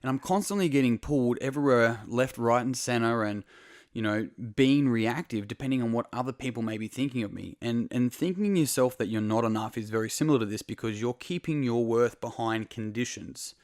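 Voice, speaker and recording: Guy doing a podcast pep talk, swears a lot, mid pitch, dry close sound. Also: fairly quick, a little mellow, no room sound. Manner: casual and frequently swearing; earnest, speaks straight to the listener. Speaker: podcast host. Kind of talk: motivational monologue.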